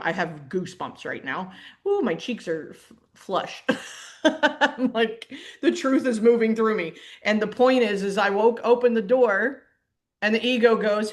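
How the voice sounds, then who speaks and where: A middle-aged woman, a mindset coach, talking through her ideas in a lively, rambling way, often restarting sentences and laughing. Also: medium pitch, unhurried. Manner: animated, self-interrupting, laughs often. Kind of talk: casual teaching monologue.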